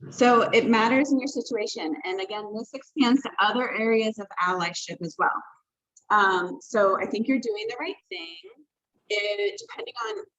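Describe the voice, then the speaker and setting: A woman trainer leading a workshop over a video call, talking in a conversational, emphatic way with quick self-corrections. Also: medium pitch, expressive, fairly bright tone. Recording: dull lo-fi video call audio.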